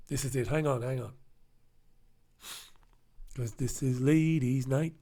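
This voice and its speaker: A man's voice: medium pitch, fairly even intonation, a little slow, long pauses, warm tone. A man hosting a solo comic newspaper review, rambling and swearing, breaking into snatches of song. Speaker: host.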